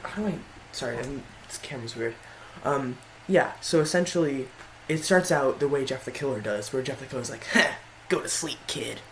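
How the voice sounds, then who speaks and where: A man's voice: medium pitch, fairly quick, slight background noise, rough recording. A man giving casual tier-list commentary in a rambling way, often stopping to correct himself. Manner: rambling, frequent self-corrections. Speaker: video creator.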